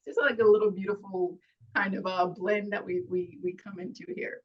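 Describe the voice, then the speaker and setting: A woman's voice: medium pitch, fairly even intonation, normal speed. A woman actress speaking as an interview guest, earnest and reflective and often laughing. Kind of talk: conversational interview. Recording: dull lo-fi audio.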